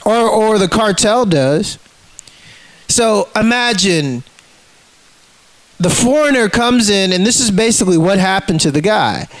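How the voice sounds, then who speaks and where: A man's voice: high voice, animated, a little slow, long pauses, poor audio. A man ranting casually to the camera, heated and profane, acting out the people in his stories. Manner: profane, heated, acts out quotes in scenes.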